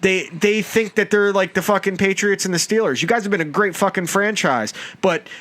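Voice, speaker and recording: A man's voice: high-pitched, fairly quick, a bit bright. A young man hosting a casual sports podcast, ranting and mocking teams with heavy profanity. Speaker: podcast host.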